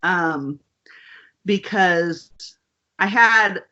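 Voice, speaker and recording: A woman guest on an interview, talking casually and wryly with lots of "um" and "you know". Her voice is bright and sharp. The recording sounds dull and lo-fi. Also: lowish voice, extremely slow. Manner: animated, wry, lots of fillers. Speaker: author guest.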